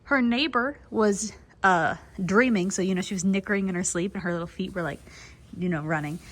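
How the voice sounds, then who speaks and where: A woman chatting casually on camera in a horse barn at night, rambling and laughing, cooing softly to the mares and foals. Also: mid-range voice, a little fast. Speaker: foaling attendant filming her barn. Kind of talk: casual vlog chat.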